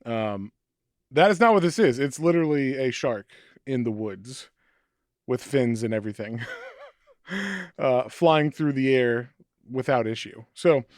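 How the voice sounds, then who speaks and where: A man casually retelling a comic book's plot in a podcast chat, acting out lines in quick quoted bits. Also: medium pitch, no echo, clean studio sound. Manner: animated storytelling, acting out quotes. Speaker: podcast co-host.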